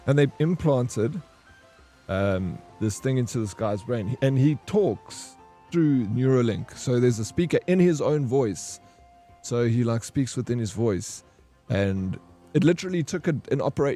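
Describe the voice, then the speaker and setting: A young man, chatting casually and excitably with his stream viewers, rambling between topics. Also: mid-range voice. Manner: rambling, excitable, says bro a lot. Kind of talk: casual chat with live chat.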